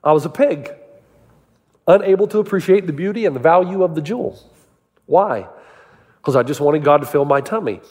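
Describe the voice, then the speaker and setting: A man preaching a sermon, telling stories and asking his listeners rhetorical questions in an animated way. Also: a little high, a little fast, pauses often, big-room sound. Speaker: pastor.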